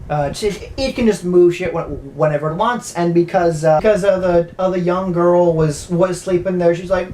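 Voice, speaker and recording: A woman's voice: on the low side, normal speed, few pauses, mellow, a little hiss or hum. A woman casually recapping a horror movie, rambling, stammering often and swearing freely. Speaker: movie reviewer.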